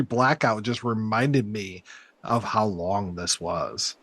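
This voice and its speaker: A man's voice: lowish voice, slow pace, fairly bright tone, husky, no room sound. A man co-hosting a podcast, giving dry, unimpressed takes on a TV episode in casual chat. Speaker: podcast co-host.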